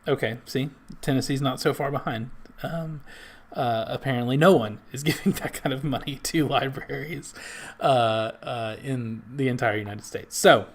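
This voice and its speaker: A man walking through a database in a screen-share tutorial, halting with many restarts and fillers. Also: medium pitch. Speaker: library staff trainer.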